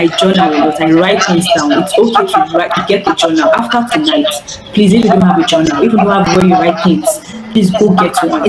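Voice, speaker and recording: A woman giving an earnest, repetitive live coaching talk over call audio. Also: lowish voice. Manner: earnest, repeats phrases, stammers on restarts. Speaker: healing coach. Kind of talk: live online teaching talk. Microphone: online call audio. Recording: echoey, noisy call audio.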